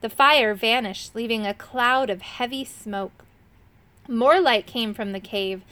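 A woman reading a children's chapter book aloud with expressive, dramatic delivery. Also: fairly high pitch, slow pace. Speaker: narrator.

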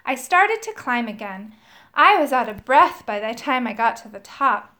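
A woman reading a children's story aloud, telling it in the first person with an expressive storyteller's lilt. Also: fairly high pitch, moderate pace. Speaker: storybook reader.

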